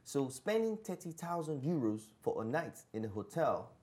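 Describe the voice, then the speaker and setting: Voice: medium pitch, big pitch swings, moderate pace, warm tone. A panelist on a casual chat show, skeptical and questioning.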